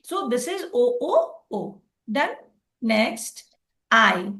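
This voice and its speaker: High-voiced woman teaching phonics. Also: big pitch swings, very slow, bright, forceful tone. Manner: explains patiently, often checking with "okay". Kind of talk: online tutoring lesson.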